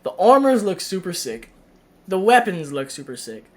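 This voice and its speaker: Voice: medium pitch, very animated, normal speed, a little mellow. A game reviewer in a casual, venting rant, talking loosely with many fillers and restarts.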